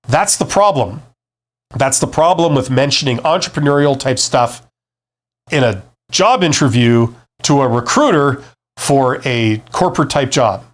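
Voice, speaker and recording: A man's voice: mid-range voice, expressive, normal speed. A man hosting a live-stream Q&A, giving career advice in a conversational, emphatic way and answering viewer comments. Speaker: career advice host, former CEO.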